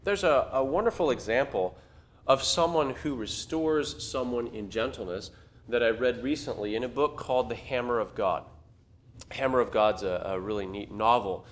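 A man preaching a sermon, telling a story in a conversational, animated way. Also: medium pitch. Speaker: pastor.

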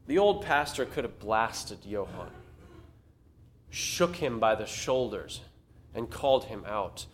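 Male pastor, sermon, conversational storytelling, lively pitch. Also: slow, a little hiss or hum.

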